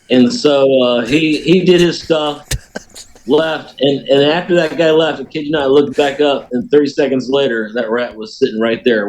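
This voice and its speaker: An American man, a podcast guest, telling a story in a folksy, animated way. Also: mid-range voice, slight background noise, low-quality recording. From United States. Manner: animated storyteller, folksy, laughs at his own tale. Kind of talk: casual storytelling.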